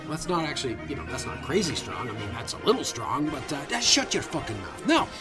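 Over music, a man improvises the ghost of a dead, boozy old Scottish narrator for a comedy podcast bit, speaking in a natural, medium-pitched, sing-song voice a little fast and lower than his own. The folksy, rambling character's Scottish accent thickens as he drinks whiskey and turns mean and foul-mouthed.

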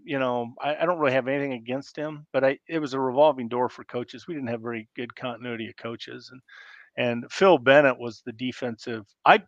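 A middle-aged man from Iowa spins long, rambling stories as a podcast guest, animated and full of restarts. His voice sits at an ordinary pitch. The sound is dry and a little muffled, close on a studio mic. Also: dry recording. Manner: rambling, animated, acts out coaches yelling. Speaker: podcast guest, former college football player. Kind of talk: casual storytelling interview.

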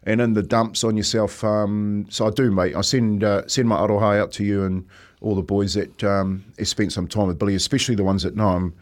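A man with a New Zealand accent, a former teammate talking casually on a podcast. He speaks in a reflective, halting way, often says "mate", and laughs as he tells stories. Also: on the low side, steady tone. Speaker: former rugby teammate, guest.

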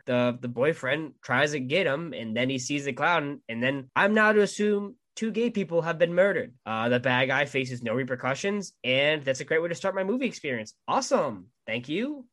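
Man, podcast co-host, expressive and profane, quick to act out quotes. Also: a little high. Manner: animated, profane, acts out quoted reactions. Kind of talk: casual movie chat.

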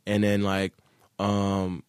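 A man with a fairly low voice talks loosely and easily, trailing into slang and fillers. His speech is recorded close and dry, with no room sound. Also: monotone, slow, a little mellow, smooth, dry recording. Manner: laid-back slangy talk, many fillers. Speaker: rapper and producer, guest. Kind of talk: casual interview chat.

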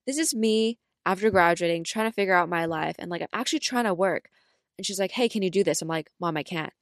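A young adult woman co-hosting a podcast in casual chat, full of fillers like "like" and "right?", telling stories with lively acted-out quotes. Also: fairly quick, no echo, clean studio sound. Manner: animated storyteller, acts out quotes with big pitch jumps. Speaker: podcast co-host.

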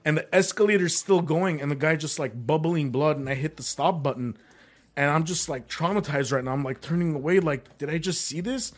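A man's voice: on the high side, brisk. A young man, a comedian guest, telling a story in casual chat, filling his talk with "bro" and "like". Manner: animated, says "bro" and "like" constantly.

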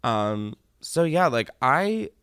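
A man's voice: medium pitch, sing-song, slow pace, fairly bright tone, smooth, dry recording, clean studio sound. Blunt, swearing young male podcast host. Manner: blunt, self-mocking, swears freely, jumps into exaggerated mock voices. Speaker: podcast host answering call-in questions. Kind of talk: casual comedic advice chat.

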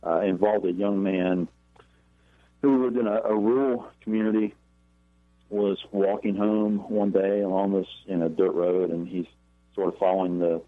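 Deep-voiced man on a tinny phone line. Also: no room sound. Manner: halting, with frequent fillers and repeated words. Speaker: guest, paranormal researcher and author. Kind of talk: storytelling interview.

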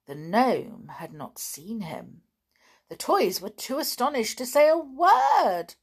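A woman reading a children's story aloud, expressive, with asides to her listeners. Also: a little high, takes it slowly, creaky, breathy edge.

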